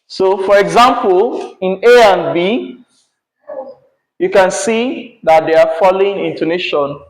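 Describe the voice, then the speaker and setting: A man's voice: high voice, takes it slowly. A male teacher, teaching a class patiently and checking in often with "yeah?" and "right?". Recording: echoey classroom.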